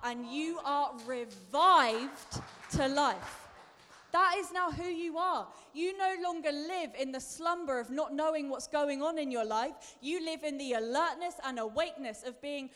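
A woman's voice: high voice, a bit bright. A woman preacher giving a sermon in a chatty, self-deprecating way, building to emphatic bursts. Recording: long reverb of a large hall.

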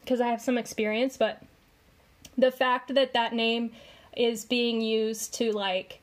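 A woman on the high side of pitch speaks slowly in a level tone. As co-host of a casual commentary podcast, she explains things chattily and leans heavily on filler words.

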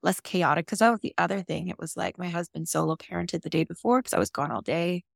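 A woman's voice: fairly low pitch, fast, gravelly, dry recording, studio quality. A woman guest on a podcast, candidly telling a personal story in an open, emotional and casual way, with some swearing.

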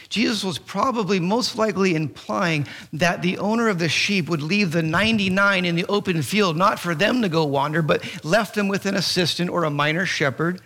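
Halting, animated pastor preaching. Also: male voice, a little high. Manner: animated storytelling, halting restarts. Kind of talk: sermon.

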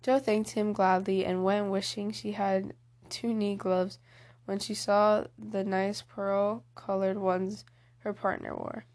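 A woman reading a classic novel aloud as an audiobook, with a gentle, unhurried manner. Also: mid-range voice, level tone. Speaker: audiobook reader.

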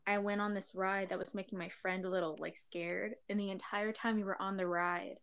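A woman's voice: mid-range voice, fairly even intonation, a little fast, a bit bright, clean tone. A young woman in casual chat, telling a rambling story and giggling often.

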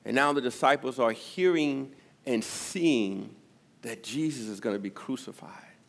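A male pastor preaching a sermon, his delivery swinging from loud emphasis to near-whispers. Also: medium pitch, unhurried, creaky. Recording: long reverb of a church hall.

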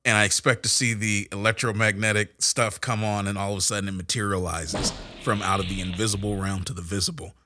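A man co-hosting a faith-based podcast, an animated storyteller who gets loud and high when excited. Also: fairly quick, hardly any pauses, over music. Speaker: podcast co-host. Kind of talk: casual faith-based discussion.

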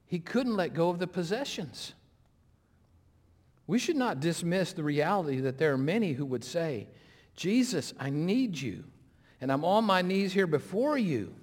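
A middle-aged man, an interim pastor, preaching a sermon, swinging between loud, pressing appeals and hushed, slow retellings. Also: high-pitched. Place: church sanctuary. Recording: long hall reverb.

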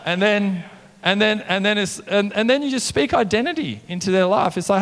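Male pastor, conversational sermon, higher-pitched, long hall reverb. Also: normal speed. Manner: animated, conversational preaching with mimicked voices and "come on" refrains.

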